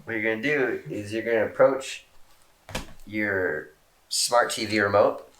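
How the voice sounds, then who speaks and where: Man, deep low voice with a sharp bright edge, laid-back rambling answers, lots of swearing. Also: unhurried, a little hiss or hum. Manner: self-mocking jokes. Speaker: skateboarder answering fan questions. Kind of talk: casual Q&A, reading out viewer questions.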